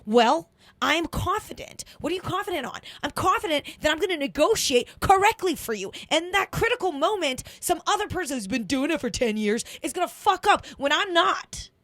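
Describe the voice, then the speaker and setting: Blunt, profane, high-voiced woman podcaster. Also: animated, normal speed, a bit bright, no echo. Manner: blunt, profane, emphatic, acts out calls. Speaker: podcast host. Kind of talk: energetic motivational monologue.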